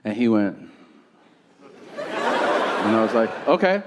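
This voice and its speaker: A man's voice: mid-range voice, moderate pace. A man telling a stand-up comedy story on stage, acting out the people in it and sounding incredulous and exasperated. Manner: animated storytelling, mimics people in quoted lines. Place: comedy stage with live audience. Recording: live stage recording with audience noise.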